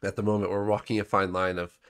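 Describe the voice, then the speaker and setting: A man hosting a podcast, explaining points in a relaxed, conversational way. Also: sits low, fast, clear, resonant tone. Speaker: podcast host. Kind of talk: casual book discussion.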